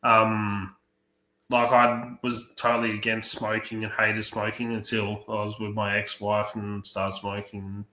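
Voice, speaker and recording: Aussie guy spinning sweary pub yarns, bright punchy voice. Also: lowish voice, unhurried. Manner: profane, animated anecdotes acting out other voices. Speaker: streamer telling stories. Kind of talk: casual storytelling on a livestream. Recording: roomy echo.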